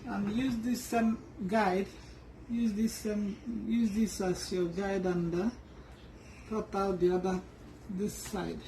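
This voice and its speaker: A woman talks through a sewing tutorial at a slow, patient pace, often stopping to rephrase as she works. She sits back from the microphone in an echoey room with a faint hum in the background. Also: mid-range voice, flat delivery, warm tone, recorded from a distance. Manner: unhurried, restarts and fillers while working. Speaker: sewing instructor.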